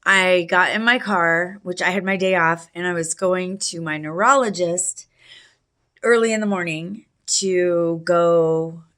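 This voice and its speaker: Telling a story from her own life, this middle-aged woman wanders loosely, restarting sentences and leaning on fillers, pausing to clear her allergy-irritated throat. Her voice is on the low side with a fairly bright tone, and she takes her time.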